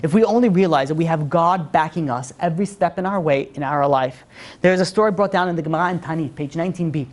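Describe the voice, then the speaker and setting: A woman teaching a religious class, telling stories in a lively way with many "you know, like" fillers and acted-out quotes. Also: quick pace. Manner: animated storyteller, acts out quotes with big pitch jumps. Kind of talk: religious lesson storytelling.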